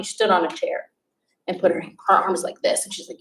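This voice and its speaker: A woman who used to teach, telling lively classroom stories to an audience and acting out her students' voices. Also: on the low side, quick pace. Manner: animated, acts out students' voices. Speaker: former teacher giving a talk. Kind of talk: storytelling talk to an audience. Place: event hall. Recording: roomy, distant from the mic.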